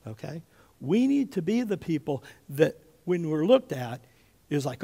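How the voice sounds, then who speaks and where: A man in his fifties preaching a sermon as pastor, telling stories with big swings between loud and hushed, often checking in with "okay?". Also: fairly high pitch, measured pace, creaky. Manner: animated storyteller, often checks in with "okay?", drops to a hush for quotes.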